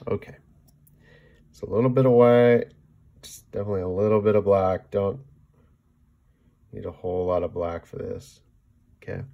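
A man giving a casual painting demonstration, chatting as he mixes paint, often checking in with "okay?" and trailing off softly mid-task. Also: low-pitched, fairly even intonation, normal speed, gravelly, long pauses, phone-quality sound. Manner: talks while mixing paint, trailing off softly. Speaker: painting instructor.

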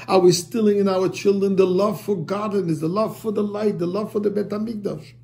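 A man's voice: on the high side, gravelly, warm tone. A man, a rabbi, giving an earnest short sermon, rising and falling as he stresses points and mixing in Hebrew and Yiddish terms. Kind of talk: short sermon on the weekly reading.

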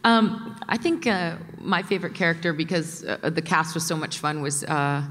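Female voice actor guest, low-pitched, relaxed, echoey convention hall. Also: moderate pace. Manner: warm, laughs while talking, thinks aloud with fillers. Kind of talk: casual panel Q&A answers.

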